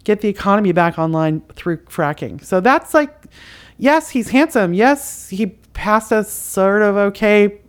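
Impassioned low-voiced woman podcaster. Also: clear, resonant tone. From outside the US. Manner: impassioned, emphatic, casual with fillers. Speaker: podcast host. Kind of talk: spiritual commentary monologue.

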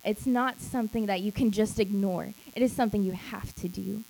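A woman's voice: mid-range voice, fairly quick, creaky, a little mellow, rough recording. A woman who leads a small group, giving an emphatic church teaching talk. She repeats key phrases and acts out quoted lines.

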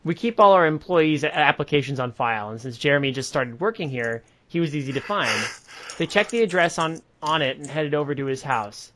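A man's voice: on the high side, expressive, fairly quick, fairly bright tone. A man co-hosting a comedy podcast, reading a creepy story aloud in a jokey way. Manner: jokey, laughs often.

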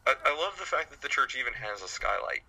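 Bright-toned man summarizing plot. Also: mid-range voice, fast, gravelly, breathy edge, low-quality recording. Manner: steady plot summarizing with fillers. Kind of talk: casual episode recap chat.

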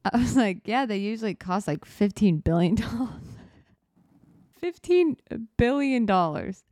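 A woman's voice: mid-range voice, moderate pace, warm tone, no room sound, studio quality. A young woman in her twenties hosting a podcast, telling stories in a rambling, self-interrupting casual chat. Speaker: podcast host.

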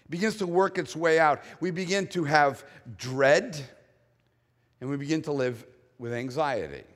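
A middle-aged man preaching in a sermon, his voice sitting a little high for a man. He talks candidly, pokes fun at himself and mimics other people's voices as he tells his story. The long reverb of a large hall carries every line. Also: normal speed. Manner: candid, self-deprecating, animated storytelling with mocking quoted voices. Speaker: pastor.

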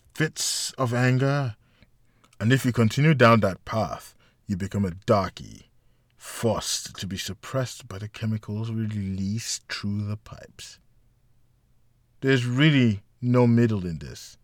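A man's voice: on the low side, dry recording, clean studio sound, close to an everyday voice. A man reading a novel aloud, voicing a firm, patient friend who urgently presses another man to pull himself together. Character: stern, caring man pressing his friend.

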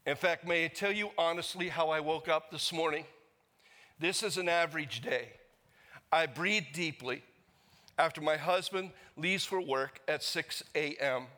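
A man's voice: fairly high pitch, sharp tone. A man preaching a sermon as the pastor, earnest and leading the congregation in reading aloud. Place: church sanctuary. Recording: long reverb of a church hall.

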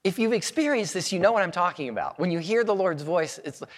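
A man preaching a sermon as pastor, earnest and measured, lifting his voice for emphasis. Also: high-pitched, expressive, in a large hall.

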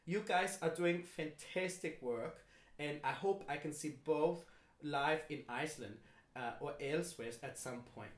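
A man reading a fan's email aloud in a deliberately clumsy German accent. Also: a little high, echoey room, natural voice. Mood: earnest. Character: male fan from Zurich, earnest and polite.

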